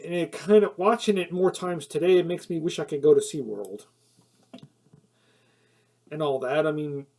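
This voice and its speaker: Rambling man with a mellow voice. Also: fairly high pitch, moderate pace, long pauses. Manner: rambling, with many fillers and self-corrections; laughs at his own points, gets heated when annoyed. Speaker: film reviewer. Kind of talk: casual spoken film review.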